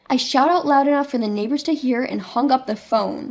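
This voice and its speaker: A woman narrating a first-person story in a steady, matter-of-fact way. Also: high voice, a little fast, hardly any pauses.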